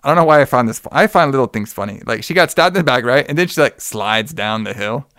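A man in loose, casual conversation walks through a movie plot, swearing freely and slipping into the characters' voices. His voice sits at an ordinary middle pitch. The sound is dry and close. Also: expressive, quick pace, fairly bright tone, no room sound. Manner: profane, rambling, acts out characters' lines. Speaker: podcast co-host recapping a movie. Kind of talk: casual chat.

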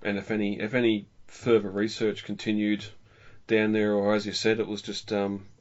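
Low-voiced man chatting on a podcast. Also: completely flat delivery, normal speed. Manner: rambling, restarts, chuckles. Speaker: podcast co-host. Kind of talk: casual film discussion. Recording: dull lo-fi audio.

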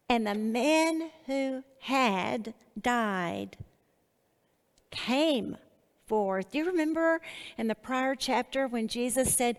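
Brief: woman Bible teacher, unhurried and deliberate, phrases broken by pauses, long reverb. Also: a little high, a bit bright.

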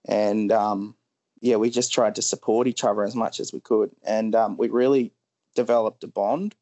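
Halting, soft-spoken man telling a sad story. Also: lowish voice, steady tone, no room sound. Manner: halting, frequent ums, pauses. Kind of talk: emotional personal storytelling.

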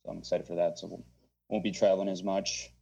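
A man co-hosting a podcast remotely from a home basement, talking in a low-key, dry way that trails off. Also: little pitch movement, fast, vocal fry, mellow, husky. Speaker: podcast co-host. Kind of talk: casual chat.

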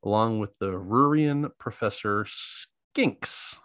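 A man's voice: fairly low pitch, takes it slowly, a bit bright, no echo, clean studio sound. A man co-hosting a casual chat, reading a plot summary aloud in a laid-back way, stumbling over names and laughing at them. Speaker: podcast co-host.

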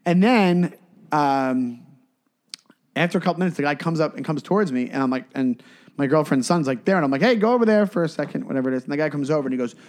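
A man's voice: a little high, fast. A man co-hosting a podcast, telling a story in casual chat and acting out the quoted lines. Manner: animated, acts out quoted dialogue. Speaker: podcast co-host.

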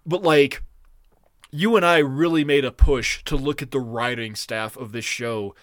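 A man co-hosting a podcast in casual chat, rambling, profane and excitable. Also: medium pitch, measured pace, no room sound. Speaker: podcast co-host.

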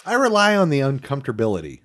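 A man's voice: medium pitch, wildly swooping pitch, quick pace, a bit bright. Man, young adult, podcast co-host, crude jokes, laughing. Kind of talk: casual chat.

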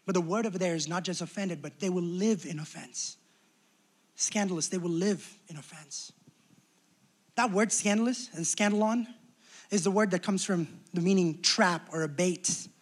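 High-voiced young male pastor preaching. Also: normal speed. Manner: lively, conversational preaching with acted-out quotes. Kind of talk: sermon.

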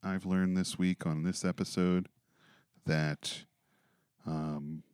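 A man's voice: deep voice, little pitch movement, slow pace, darkish tone, clear, resonant tone, no echo, studio quality. A man co-hosting a podcast in casual, crude banter, laughing often and joking loosely. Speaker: podcast co-host.

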